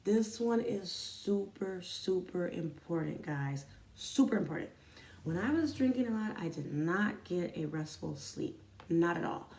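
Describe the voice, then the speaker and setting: A woman speaks earnestly and confessionally to her viewers, with a gravelly edge to her voice. She sits a little back from the mic in an echoey room. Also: on the low side, lively intonation, measured pace, hardly any pauses, darkish tone, recorded from a distance. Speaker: sobriety vlogger. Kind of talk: candid personal talk to camera.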